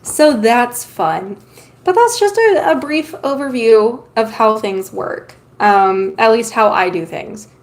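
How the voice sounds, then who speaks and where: A woman's voice: on the high side, takes it slowly, few pauses. A woman streamer chatting casually with her viewers while reading tarot cards, loose and talkative with lots of filler ums. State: has the hiccups. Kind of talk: casual live-stream chat.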